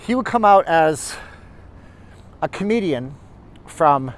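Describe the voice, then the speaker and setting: A man's voice: a little high, animated, slow. Chatty man livestreaming on a street. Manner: chatty, rambling, talks to chat viewers. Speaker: livestream host. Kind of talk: casual walking livestream commentary. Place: outdoors on a city street, walking.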